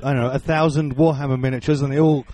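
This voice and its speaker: A man's voice: mid-range voice, fairly even intonation, fast talker, dark tone. A man guesting on a podcast, explaining his project in a matter-of-fact way. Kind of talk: casual chat.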